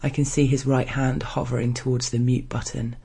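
A man reading a first-person erotic story aloud in a soft, hushed, restrained way. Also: medium pitch, little pitch movement, brisk, vocal fry, slightly rough. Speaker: story narrator.

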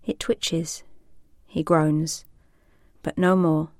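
A woman reading an erotic story in a slow, sensual, measured way. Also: sits low, level tone, darkish tone, dry recording, clean studio sound. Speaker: narrator. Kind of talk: scripted erotic story narration.

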